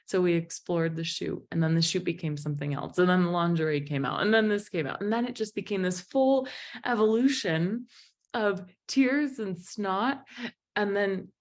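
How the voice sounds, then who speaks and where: A woman giving a motivational talk to a group at an evening presentation, telling a personal story in an emotive, animated way. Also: fairly low pitch, moderate pace. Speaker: motivational speaker and business founder.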